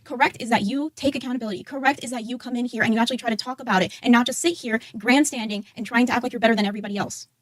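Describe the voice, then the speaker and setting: A woman's voice: fairly high pitch, racing, hardly any pauses, no echo, clean studio sound. A woman co-hosting a live stream, bluntly scolding her co-host and swearing freely. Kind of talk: heated on-air confrontation.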